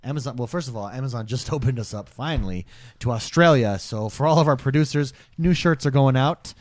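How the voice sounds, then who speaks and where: A man's voice: medium pitch, brisk, dry recording. A man hosting a gaming podcast in casual chat, reading listener questions and joking around. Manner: joking, animated.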